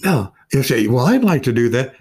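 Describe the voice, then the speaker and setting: A man's voice: mid-range voice, big pitch swings, normal speed, a little mellow, husky. A man in his eighties teaching an informal Bible study, earnest and rambling, stretching out key words of Scripture for emphasis. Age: 80s. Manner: rambling with restarts and repeated words.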